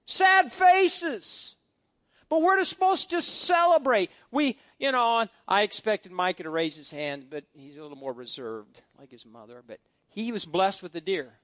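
A man's voice: high-pitched, big pitch swings, moderate pace, hardly any pauses, a bit bright, dry recording. A middle-aged man preaching a sermon as pastor, reading scripture aloud with exuberant emphasis and folksy asides.

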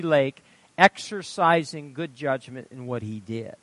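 Pastor, male; bright, animated preaching voice that leaps from loud peaks to near whispers. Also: unhurried, dry recording. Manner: impassioned storytelling, swinging from loud high outbursts to hushed low asides. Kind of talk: sermon.

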